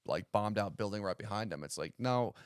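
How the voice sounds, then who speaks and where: A man's voice: fairly low pitch, fast talker, smooth, no room sound. A man in his thirties, a stand-up comedian from the United States, chatting on a podcast with dry, self-mocking humor and acting out other people's voices as he tells stories. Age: 30s. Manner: animated storyteller who acts out other people's voices. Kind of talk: casual podcast chat.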